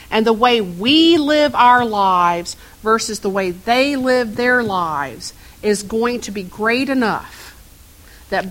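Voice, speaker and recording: A woman minister delivers a sermon at an unhurried pace, her voice sitting a little high. She tells stories and turns to the congregation with questions. She sounds middle-aged. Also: a bit bright, rough recording. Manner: storytelling, asks the congregation questions.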